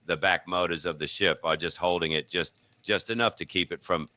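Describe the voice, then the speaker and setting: Man doing a frantic 1930s radio reporter, very low voice, sharp bright tone, dry sound. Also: fairly even intonation, fairly quick, no room sound. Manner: breathless, sobbing, overwhelmed. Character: frantic male radio reporter at an airship disaster. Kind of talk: 1930s radio news reenactment.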